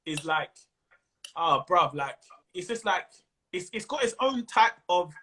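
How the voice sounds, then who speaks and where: A high, bright-voiced man with a London accent talks in a relaxed interview. He is animated, peppers his talk with street slang and keeps slipping into quick impressions of other people. His tone is sharp and forward. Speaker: comedian guest. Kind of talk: casual interview chat. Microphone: Instagram live stream.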